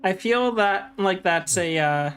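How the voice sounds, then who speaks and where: A woman's voice: medium pitch, lively intonation, takes it slowly, smooth, soft background music. A woman playing in a tabletop game, asking questions and giggling. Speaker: player. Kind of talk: casual chat in a tabletop game.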